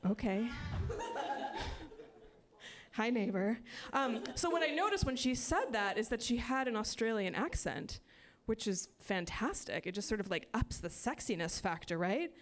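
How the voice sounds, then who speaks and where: A woman performing a stand-up set in a chatty, self-mocking way full of "like" and quick asides. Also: fairly high pitch, expressive, a crowd in the background. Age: 30s. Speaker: stand-up comedian. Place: comedy club stage.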